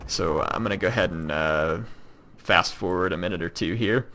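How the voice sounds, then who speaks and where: Southern US man, low-ish bright voice, loose rambling gameplay commentary over faint music. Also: moderate pace. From Kentucky. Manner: rambling, chatty, lots of ums and likes. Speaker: gaming YouTuber. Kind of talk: casual let's-play commentary.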